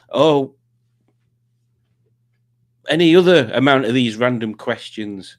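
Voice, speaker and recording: A man's voice: mid-range voice, animated, takes it slowly, long pauses. A man hosting a live quiz stream, rambling casually and reading out viewer comments. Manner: rambling, reads out chat comments.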